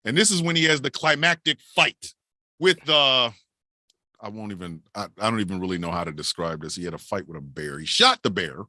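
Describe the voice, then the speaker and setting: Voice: low voice, brisk, dry recording, clean studio sound. A podcast co-host recapping a film in a loose, profane, mock-outraged chat. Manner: animated, swearing, mock-outraged.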